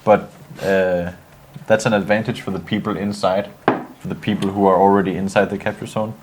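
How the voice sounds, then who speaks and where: A lower-voiced man, a developer guest, explains design choices plainly and without fuss. His delivery is matter-of-fact. Faint background noise runs beneath him. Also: level tone, a little fast. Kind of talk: casual explanation.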